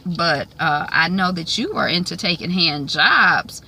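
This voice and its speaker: A woman's voice: lively intonation, unhurried, pushed and bright, slightly rough, exaggerated voice. A woman voicing a pushy, domineering middle-aged mother who nags and scolds. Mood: bossy. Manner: bossy, nagging and shrill.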